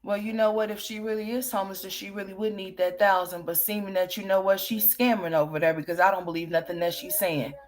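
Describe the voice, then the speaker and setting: A woman's voice: medium pitch, little pitch movement, quick pace, hardly any pauses. Woman commentator ranting her opinions, blunt, profane, hammering questions. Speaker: online commentator.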